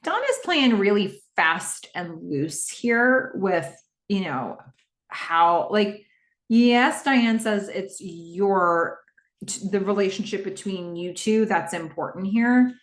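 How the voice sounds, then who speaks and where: A woman hosting a podcast, recapping a TV episode in a casual, animated way and quickly acting out the characters' lines. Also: mid-range voice, echoey room. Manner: animated retelling with quick quoted voices of characters.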